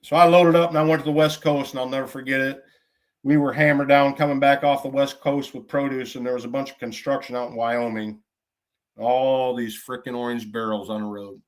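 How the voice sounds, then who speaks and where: A man's voice: medium pitch, a bit bright. Blunt, folksy middle-aged man. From Michigan. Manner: blunt storytelling with frequent cursing; folksy trucker slang. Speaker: podcast host. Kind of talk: casual podcast monologue.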